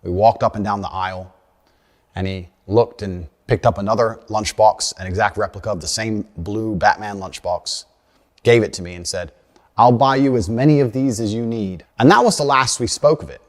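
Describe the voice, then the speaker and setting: A man in his thirties from the United States, telling his life story in a measured, earnest way. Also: fairly low pitch. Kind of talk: self-told life story in a video. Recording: long hall reverb.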